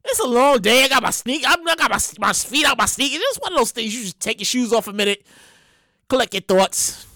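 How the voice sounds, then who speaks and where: A woman spins a loose comedic monologue in slangy, exclamation-packed talk. Her voice sits high and bright and leaps around in pitch. The recording is dry and close. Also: fairly quick, dry recording. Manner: animated, slangy, rambling with exclamations. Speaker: comedic storyteller.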